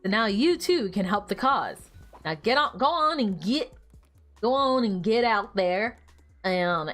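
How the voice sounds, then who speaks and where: A woman's voice: medium pitch, fairly bright tone. A young woman streaming a game and chatting casually, teasing the characters on screen and laughing often. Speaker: gaming streamer. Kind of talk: casual gameplay livestream chat.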